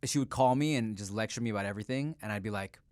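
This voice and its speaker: A man's voice: fairly low pitch, racing, darkish tone, no echo, clean studio sound. A man in his thirties co-hosting a casual podcast, laughing often and mimicking his parents. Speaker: podcast co-host.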